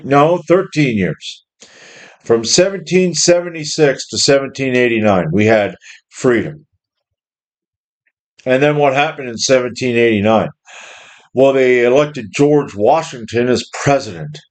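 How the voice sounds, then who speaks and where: A man's voice: mid-range voice, lively intonation, measured pace. A middle-aged man ranting angrily about his job and the system, profane and rambling. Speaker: worker ranting about jobs. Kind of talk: angry monologue rant.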